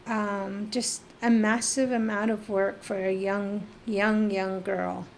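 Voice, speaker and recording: A middle-aged woman from northeastern Arizona, recounting her life as an interview guest, reflective and halting, with pauses and fillers. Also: mid-range voice, flat delivery, creaky, slight background noise. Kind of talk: personal life-story interview.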